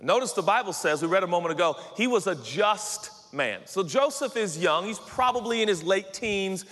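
A man in his forties preaches to a church crowd, spinning a self-mocking story and breaking into excited shouts. His voice is bright and sits a little high, and it rings out with a long reverb through a big hall. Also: normal speed. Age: 40s. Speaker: pastor. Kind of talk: sermon.

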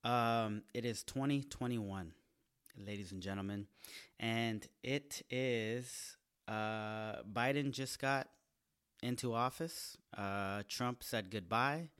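Bright-voiced, hyped-up joking comedian. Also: male voice, medium pitch, takes it slowly, clear, resonant tone. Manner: energetic, profane, self-mocking joking. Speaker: stand-up comedian and podcast host. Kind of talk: solo podcast intro monologue. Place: small studio apartment, indoors.

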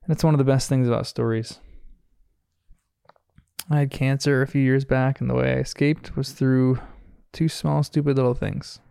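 An American man hosts a podcast and recaps a cartoon episode in an earnest, reflective manner, chuckling often. His smooth, resonant voice carries a gravelly edge. The close, dry recording has no room sound. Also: mid-range voice, steady tone, normal speed, warm tone, no echo. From United States. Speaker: podcast host.

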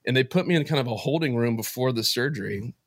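Halting, emotional man telling his story. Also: mid-range voice, no echo. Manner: emotional, halting, with frequent restarts. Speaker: podcast guest. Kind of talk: personal faith testimony in conversation.

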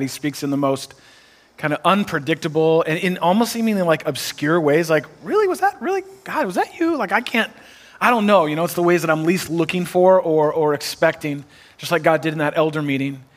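Male pastor, high-pitched voice, animated preaching that climbs to shouts. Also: brisk. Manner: self-deprecating humor. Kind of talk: sermon.

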